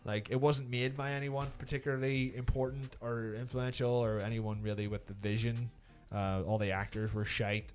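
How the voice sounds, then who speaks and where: A man co-hosting a podcast in casual chat, animated and swearing, mocking people with put-on voices. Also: mid-range voice, moderate pace, soft background music. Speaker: podcast co-host.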